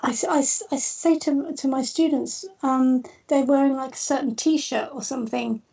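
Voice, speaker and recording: A woman's voice: high-pitched, steady tone, normal speed, creaky, warm tone, husky, recorded from a distance, dull audio. A woman guest, an artist and theorist, telling chatty anecdotes in a podcast interview, with lots of fillers and restarts.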